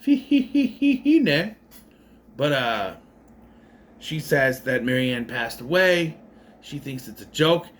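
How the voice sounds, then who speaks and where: A man's voice: medium pitch, slow pace, long pauses, a bit bright. A man giving a casual spoken movie recap, rambling and correcting himself, with sarcastic asides. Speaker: movie reviewer.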